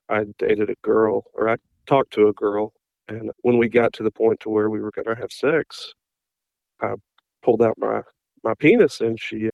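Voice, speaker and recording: Hesitant caller in his thirties with a low gravelly voice on a dull, lo-fi line. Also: darkish tone, no room sound. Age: 30s. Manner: hesitant, halting. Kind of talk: phone-in interview.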